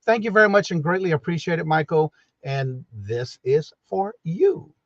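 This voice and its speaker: A man's voice: on the high side, very animated, normal speed, no echo, lo-fi sound. Chatty man hosting a morning live stream. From New Orleans, Louisiana. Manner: chatty, greets viewers by name. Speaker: livestream host. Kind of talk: casual live-stream chat.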